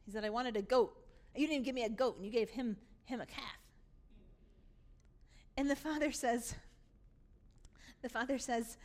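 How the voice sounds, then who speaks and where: Woman pastor, high voice, emphatic sermon delivery in a church. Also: expressive, normal speed. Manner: emphatic, voicing the father's lines with rising force. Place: church sanctuary.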